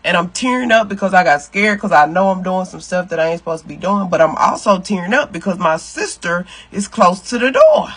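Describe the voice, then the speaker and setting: A man telling a personal story to camera in a sassy, profane, animated way, talking straight to his viewers. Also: high-pitched, fairly quick, few pauses, breathy edge.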